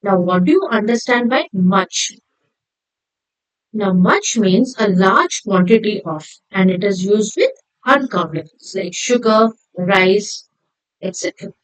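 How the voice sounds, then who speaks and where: A woman teaching a grammar lesson, spelling words out slowly and asking and answering her own questions. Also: mid-range voice, lively intonation, dry recording, rough recording. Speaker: English teacher.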